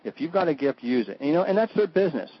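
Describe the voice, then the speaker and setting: A man's voice: sing-song, fast, husky. A man chatting flamboyantly on a radio show, joking and breaking into mock voices. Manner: flamboyant, jokey, swoops into high mock voices. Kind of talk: animated talk-radio chat. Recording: dull lo-fi radio audio.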